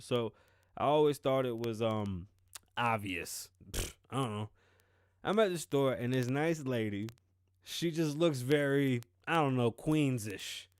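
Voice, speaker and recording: A podcast host with a thick Bronx accent talks in a loose, rambling way, often laughing and swearing. His voice sounds smooth and clear at a middling pitch. He is recorded dry and close to the microphone. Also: no room sound. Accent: Bronx New York. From the Bronx, New York. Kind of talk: casual podcast monologue.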